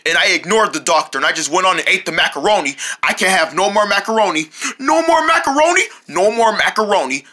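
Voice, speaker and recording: A queasy cartoon blob that whines, as one performer puts it on, breaking into loud retching groans. The voice is bright and swings around in pitch. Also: animated, quick pace. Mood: whiny.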